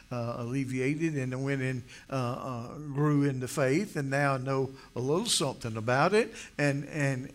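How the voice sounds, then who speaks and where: A man preaching a folksy sermon, telling stories from his childhood and rising now and then into loud exhortation. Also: medium pitch, a little hiss or hum. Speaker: pastor. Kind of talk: folksy sermon with personal story.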